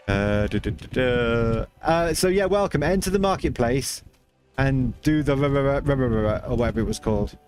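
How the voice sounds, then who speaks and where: A man's voice: medium pitch, normal speed, darkish tone, soft background music. A man hosting a casual game livestream, chatting loosely and answering viewers' chat as he plays. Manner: chatty, reads chat aloud, rambling with restarts. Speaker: livestream host.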